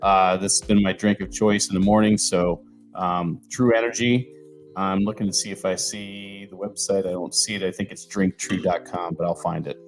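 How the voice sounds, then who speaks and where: Easygoing low-voiced male co-host. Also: steady tone, normal speed, soft background music. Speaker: podcast co-host. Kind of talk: casual podcast chat.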